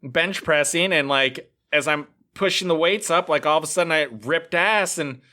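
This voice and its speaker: A man's voice: a little high, moderate pace, bright, forceful tone. A man co-hosting a casual podcast, telling a rambling story with lots of filler words. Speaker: podcast co-host. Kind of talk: casual chat.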